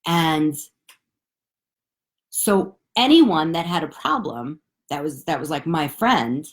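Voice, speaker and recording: A woman candidly telling a personal story to camera, profane and animated, dropping low and then bursting high. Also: slow pace. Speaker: spiritual coach and vlogger.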